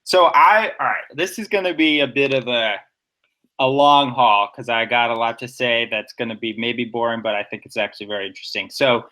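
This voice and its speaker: A man's voice: medium pitch, brisk, pushed and bright. A young man co-hosting a casual poetry podcast, explaining poems in an enthusiastic, nerdy way. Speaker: podcast co-host.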